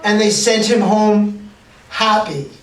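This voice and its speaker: Slow, playful man reading to children. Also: sits high, a little hiss or hum. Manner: slow, playful, sound effects. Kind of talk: reading a picture book aloud. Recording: echoey room from far off.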